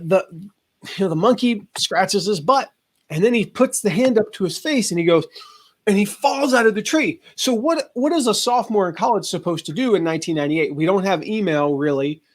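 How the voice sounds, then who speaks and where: A man in his forties, a guest on a podcast, telling lively stories and acting out the voices of people in them. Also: high-pitched. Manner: animated storyteller acting out quoted voices. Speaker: guest, affiliate marketing expert. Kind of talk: storytelling in a podcast interview.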